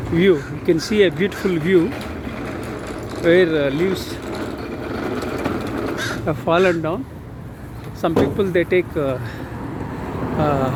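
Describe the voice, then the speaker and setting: Strolling along busy city streets, a man in his sixties films a casual vlog on a handheld phone, his voice sitting on the high side. His speech is slow and halting, full of fillers and repeats. The recording picks up the surrounding traffic and street noise.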